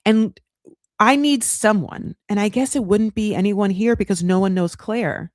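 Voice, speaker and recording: A woman hosting a casual reality TV recap, talking in sassy, animated bursts and swearing freely. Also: medium pitch, a little slow, dry recording, clean studio sound.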